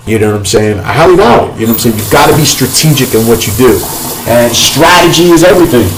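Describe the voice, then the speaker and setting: A man's voice: medium pitch, expressive, fast talker, noisy background. A man hosting a casual cooking vlog from his home kitchen, rambling and swearing freely as he talks. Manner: profane, rambling, keeps asking "you know what I'm saying".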